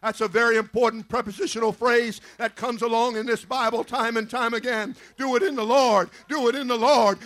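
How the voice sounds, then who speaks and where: A man preaches a fervent church sermon in a strikingly high voice. He drives his points home by repeating short phrases and punctuating them with amens. The recording is dry and close, with almost no room sound. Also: steady tone, brisk, hardly any pauses, a bit bright, dry recording. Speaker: pastor.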